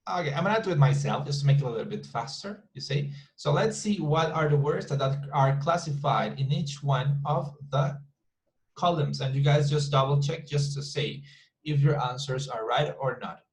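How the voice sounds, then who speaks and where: A man's voice: medium pitch, rough recording. Casual man teaching online English class. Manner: casual, repeats words slowly to model pronunciation.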